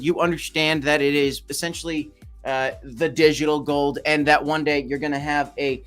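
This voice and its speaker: A man's voice: on the high side, a bit bright. A man hosting a casual crypto livestream, reading and answering viewer chat in a loose, joking way.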